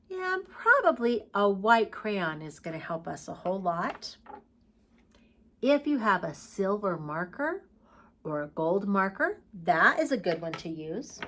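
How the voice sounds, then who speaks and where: Lively, gentle woman teaching preschoolers. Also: medium pitch, slight background noise. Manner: gentle, encouraging, sing-song. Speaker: children's teacher. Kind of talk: read-aloud and craft lesson for preschoolers.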